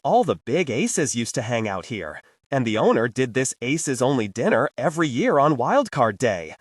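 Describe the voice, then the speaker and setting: A man's voice: mid-range voice, big pitch swings, moderate pace, slightly rough, no room sound, studio quality, distant mic. A man reading a wistful young team leader. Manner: wistful, reflective.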